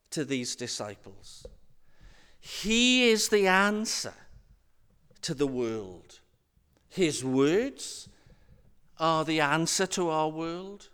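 A male preacher with a clear, smooth voice, delivering a sermon in a measured, deliberate way. His pitch rises and falls widely as he stresses key words with dramatic pauses. He often puts rhetorical questions to the congregation. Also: a bit bright.

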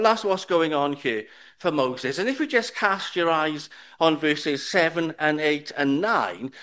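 A man preaching a Sunday sermon, with measured, emphatic repetition. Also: high-pitched, fairly bright tone.

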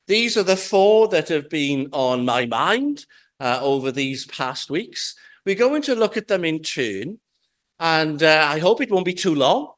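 A man preaching a sermon in a church, slow and measured, leaning on key words for emphasis. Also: a little high, a bit bright. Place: church with pews.

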